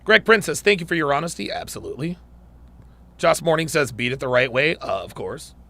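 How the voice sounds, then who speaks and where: Animated, crude livestream host. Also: male voice, a little high, fairly quick, gravelly. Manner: animated, crude, joking banter. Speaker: livestream host reading chat. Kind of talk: casual livestream chat.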